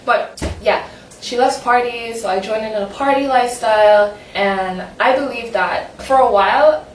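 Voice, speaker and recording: A woman's voice: fairly high pitch, a little slow, far from the mic, slight background noise. Young woman vlogging in a roomy space. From Saint-Martin. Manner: candid, rambling, self-conscious. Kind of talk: personal vlog chat. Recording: roomy echo, voice from the mic, faint ambience.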